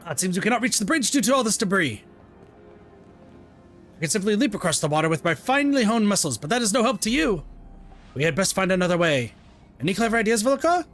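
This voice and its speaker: A man's voice: high-pitched, sing-song, quick pace, pauses often, fairly bright tone, faint music behind. A man voicing a boastful, hulking male martial artist who speaks in a grand, formal way. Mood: grandiose.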